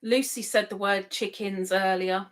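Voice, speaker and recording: A woman's voice: mid-range voice, fairly even intonation, unhurried. A woman hosting a casual live stream, chatting and reading out viewer comments with frequent laughs. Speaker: livestream host. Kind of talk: casual live-chat talk.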